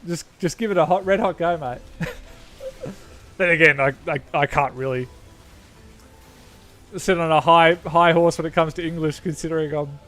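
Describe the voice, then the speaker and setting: A man's voice: on the high side, normal speed, long pauses, a bit bright, faint music behind. A young Australian man chatting casually with viewers while streaming a game, rambling and correcting himself as he goes. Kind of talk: casual gaming chat.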